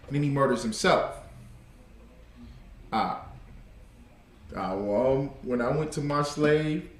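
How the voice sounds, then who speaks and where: A man's voice: fairly high pitch, fairly bright tone. A man teaching an informal class, telling stories in an emphatic, repetitive way with casual slang. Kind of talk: informal class talk with storytelling. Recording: echoey room.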